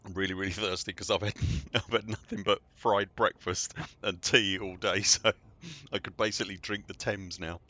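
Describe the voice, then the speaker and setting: A man's voice: sits low, steady tone, moderate pace, sharp tone. A man, chatting and joking in a rambling way as a game streamer at home. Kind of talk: casual livestream chat.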